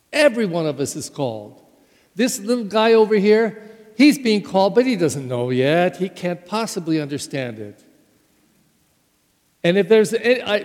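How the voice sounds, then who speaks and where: Conversational priest preaching in echoing church. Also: male voice, high voice. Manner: conversational preaching with stressed words and sudden loud rises. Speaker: pastor. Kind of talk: sermon. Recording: live church hall with long reverb.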